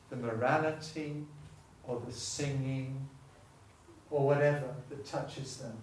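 A man's voice: medium pitch, slight background noise. Impassioned male preacher in a roomy hall. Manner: impassioned, rising to emotional peaks. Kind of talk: sermon and closing prayer. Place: conference hall. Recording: roomy hall, speaker far from mic.

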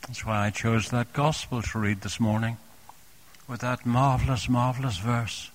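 With a mid-range voice and fairly even intonation, a man gives a sermon at a moderate pace. He sounds gentle and tender, repeating lines softly and calling the congregation dear friends.

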